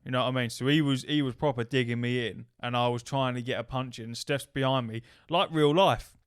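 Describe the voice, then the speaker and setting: A man tells rambling gaming stories on a casual podcast. He swears freely and acts out the shouting in his tales. His voice sits at a middle pitch and sounds dry and close to the mic. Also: fairly even intonation, brisk, smooth, no echo. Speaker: podcast co-host. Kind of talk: casual chat, storytelling.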